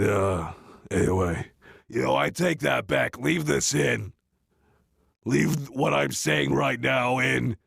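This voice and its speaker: Gravelly guy rambling slow and deadpan, super dry close mic. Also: fairly low pitch, no room sound. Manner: deadpan, rambling, many restarts. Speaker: comedian doing a parody reading. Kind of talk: rambling comedic monologue.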